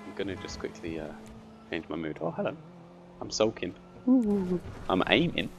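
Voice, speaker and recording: A young man hosting casual gameplay commentary. His voice sits fairly low but swings widely in pitch as he gets excited, laughs, and barks directions at his friend. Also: normal speed, a little hiss or hum. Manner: excitable, bossy when giving directions, laughs often. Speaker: gaming channel host.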